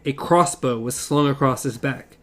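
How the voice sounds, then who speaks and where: A man's voice: mid-range voice, moderate pace. A man co-hosting a casual book discussion podcast, reading passages and paraphrasing the characters with jokes. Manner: animated, paraphrases characters in jokey voices. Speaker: podcast co-host.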